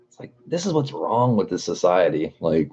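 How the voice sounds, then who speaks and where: Deep, husky-voiced young man ranting. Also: moderate pace, highs cut off. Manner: profane, animated, laughing. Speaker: streamer. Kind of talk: casual storytelling.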